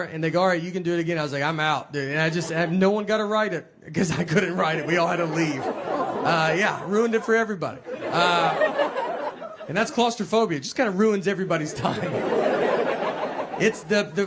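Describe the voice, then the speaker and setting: A man in his forties with a Southern American accent, doing a rambling, deadpan stand-up routine on a comedy stage. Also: sits high, heavy background noise. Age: 40s. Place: comedy stage before a laughing audience. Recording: stage mic with audience laughter.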